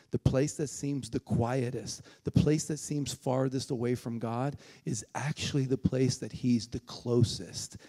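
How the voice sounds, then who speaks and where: Animated storytelling preacher, mellow voice. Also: male voice. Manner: animated, jumps high when acting out his excited self. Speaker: guest preacher. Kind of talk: sermon with comic storytelling. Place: church sanctuary.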